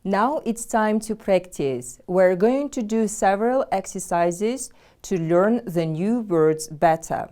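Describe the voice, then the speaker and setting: A woman teacher from Kyrgyzstan with a Kyrgyz accent, giving a deliberate English vocabulary lesson and having pupils repeat words after her. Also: mid-range voice, mellow. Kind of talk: slow, clear classroom instruction.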